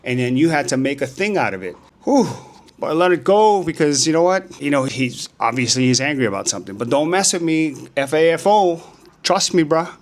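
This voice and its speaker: A man in his sixties tells stories in a casual vlog, animated and acting out the dialogue. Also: a little fast. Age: 60s. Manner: animated, acts out dialogue with rising pitch. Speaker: vlogger. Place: outdoors on a sunny street.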